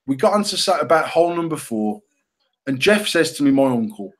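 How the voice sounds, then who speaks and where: A middle-aged British man co-hosting a casual podcast, telling an animated, self-mocking story full of swearing. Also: on the high side, a little fast. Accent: British English. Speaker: podcast co-host.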